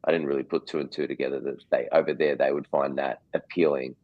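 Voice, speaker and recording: A man with a strong Australian accent and an extremely low voice sits as the guest in a casual interview. He talks in loose, rambling runs, often stopping to repeat a word before finding his thought. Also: steady tone, quick pace, narrow, tinny audio. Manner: rambling, full of restarts and repeated words. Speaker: guest actor.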